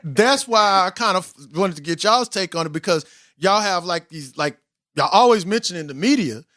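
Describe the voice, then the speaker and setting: A man in his forties hosting a casual podcast discussion, animated and quoting books at length. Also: high voice, normal speed, dry recording, clean studio sound. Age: 40s. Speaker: podcast host.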